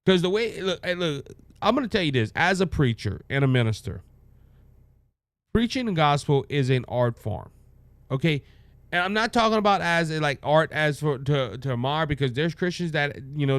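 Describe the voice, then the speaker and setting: A man's voice: fairly high pitch, expressive, normal speed, dry recording. A man with a Cajun accent, a minister hosting a political commentary podcast, talking in a folksy way with frequent restarts. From Louisiana.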